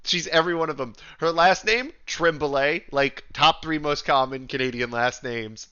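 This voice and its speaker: Bright-voiced man running a tabletop game. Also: a little high, normal speed, smooth, dull audio. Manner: loose and rambling, many "uh"s and "y'all". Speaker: game master.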